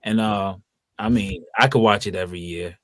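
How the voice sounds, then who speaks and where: A man chatting casually as a panel guest, excitable and rambling, swearing now and then as he talks about a film he loves. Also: on the low side, normal speed, no room sound. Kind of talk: casual chat.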